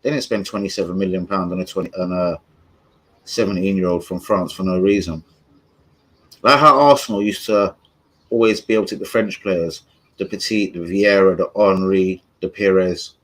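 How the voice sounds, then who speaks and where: A man's voice: deep voice, steady tone, moderate pace, fairly bright tone, low-quality recording. A young man ranting in a rambling, sweary livestream chat about football. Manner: rambling, sweary, loses his thread. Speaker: football fan streamer.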